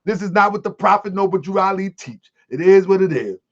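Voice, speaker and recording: A man hosting an online livestream, commenting to his viewers in a preachy, animated way. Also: sits high, fairly quick. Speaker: host of an online show. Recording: dull lo-fi sound.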